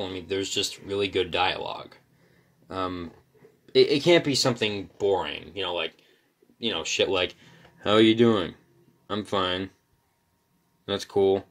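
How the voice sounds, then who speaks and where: A man's voice: low voice, normal speed. A man delivering a rambling, profane rant to the mic, stammering and restarting often. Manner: rants, then calms into musing. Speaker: solo commentator.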